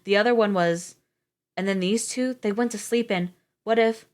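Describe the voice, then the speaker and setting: A woman voicing a tired, cautious young man who talks in low mutters. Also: normal speed, lightly acted. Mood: earnest.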